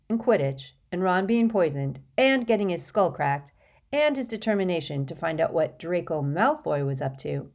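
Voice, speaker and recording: A woman reading a storybook aloud as an audiobook narrator, in an even, clear way. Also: fairly low pitch.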